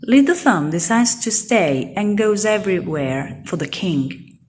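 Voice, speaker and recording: A woman reading a children's storybook aloud in a clear, simple way for young learners. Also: medium pitch, big pitch swings, a little slow, darkish tone, a little hiss or hum. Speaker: storybook reader.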